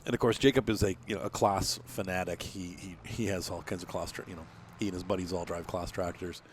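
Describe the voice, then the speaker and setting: A man's voice: deep voice, steady tone, a little fast, a little hiss or hum. A man casually commenting on his farming game, rambling and thinking aloud with lots of fillers, sounding tired and yawning. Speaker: gameplay commentator. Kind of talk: casual let's-play commentary.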